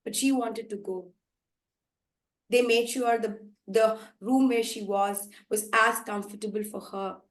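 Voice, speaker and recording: A woman telling a story at a live event, dramatic, with sudden loud outbursts and hushed passages. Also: medium pitch, fairly even intonation, measured pace. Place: festival storytelling venue. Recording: echoey room, live performance.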